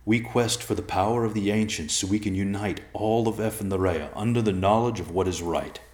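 A man voicing a wounded old male bear who speaks slowly and calmly as a stern father. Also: lowish voice, roomy sound, pitched above the performer's own voice, lightly acted. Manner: slow, calm, commanding.

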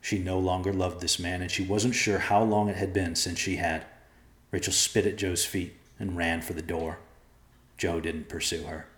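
Deep-voiced man reading a dark tale. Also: flat delivery. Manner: measured, grave storytelling. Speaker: narrator. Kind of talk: dramatic audiobook narration. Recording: echoey room.

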